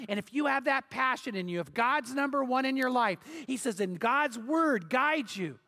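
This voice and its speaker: A man's voice: very high voice, animated, moderate pace, few pauses, pushed and bright. A middle-aged male pastor preaching a sermon in an earnest, emphatic way, building with repeated phrases.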